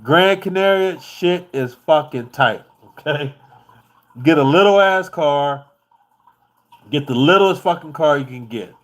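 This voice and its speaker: A man's voice: on the high side, expressive, unhurried. Laid-back American man telling a travel story. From United States. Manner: loose, profane and laid-back, laughs often. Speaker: vlogger.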